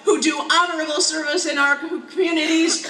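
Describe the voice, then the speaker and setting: A woman's voice: sits high, fairly even intonation, a little fast, slight background noise. A woman from Wisconsin, a union leader giving an impassioned rally speech outdoors and leading chants. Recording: echoey outdoor PA with loud crowd.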